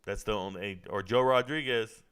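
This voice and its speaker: A man's voice: lowish voice, normal speed, fairly bright tone, clean tone. A young man hosting a live stream, joking loosely with chat while reacting to a fight. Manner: joking, loose and chatty, talking to viewers in chat. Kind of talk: casual live reaction commentary.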